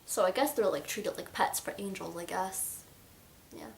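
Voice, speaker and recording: A young adult woman chatting excitedly about a book in a casual vlog, full of filler words. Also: medium pitch, moderate pace, gravelly. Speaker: book reviewer.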